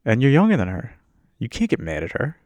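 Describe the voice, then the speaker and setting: A man's voice: medium pitch, huge pitch swings, fairly quick, darkish tone, dry recording. A man hosting a casual podcast, ranting about a movie in a crude, rambling and self-mocking way. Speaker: podcast host. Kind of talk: casual profane movie rant. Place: home setup while on a muted work meeting.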